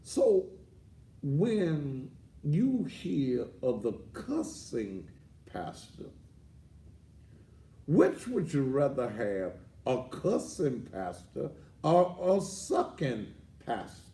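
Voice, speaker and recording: A man hosting a ranting commentary show, boisterous and rambling with sudden loud outbursts, heard on a distant mic. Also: mid-range voice, huge pitch swings, extremely slow, roomy sound. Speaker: host.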